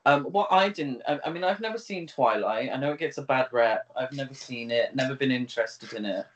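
A man's voice: mid-range voice, brisk. A man co-hosting a podcast, giving wry, laughing opinions on a film. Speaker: podcast co-host. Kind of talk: casual film review chat. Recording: distant, dull sound.

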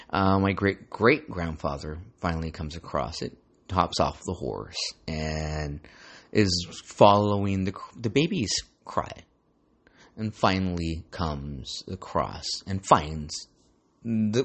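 A man hosting a podcast, telling a family ghost story in a rambling, profane, slangy way. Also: low voice. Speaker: podcast host. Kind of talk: casual storytelling chat.

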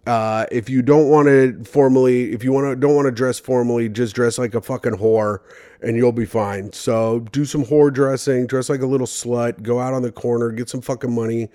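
Foul-mouthed sarcastic man, dry and mellow. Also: mid-range voice, fairly even intonation, a little fast, no room sound. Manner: profane, sarcastic, mocking; reads letters aloud, then rants over them. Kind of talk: mocking comedic commentary on advice letters.

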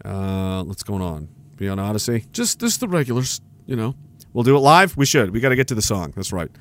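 A podcast host chats casually on a livestream, rambling, swearing, and laughing often. His voice is on the low side and a bit bright, very animated and brisk.

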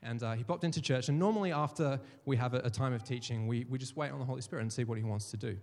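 Speaking very fast in a mid-range voice, a pastor preaches a sermon in a reverberant hall. He tells stories and acts out the voices of the people he quotes.

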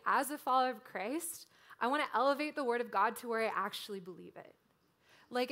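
A woman preaching a sermon in a casual, conversational way, often filling pauses with "like". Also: on the high side, a bit bright. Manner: conversational, frequent "like" fillers.

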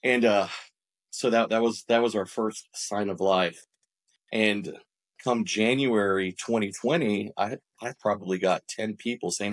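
Man with a somewhat low voice, business-owner podcast guest, animated storyteller who restarts and repeats his words. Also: unhurried. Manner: animated, acts out quoted dialogue. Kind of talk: conversational storytelling.

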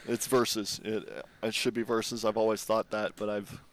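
A man's voice: lowish voice, little pitch movement, normal speed. A Canadian man co-hosting a podcast, talking casually in a rambling, playful way and swearing often. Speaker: podcast co-host. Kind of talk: casual chat.

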